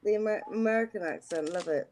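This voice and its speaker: A woman's voice: medium pitch, fast, darkish tone, a little hiss or hum. A woman with a British accent chatting agreeably in a group call, her voice muffled by her microphone. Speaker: chat participant. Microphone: muffled new microphone.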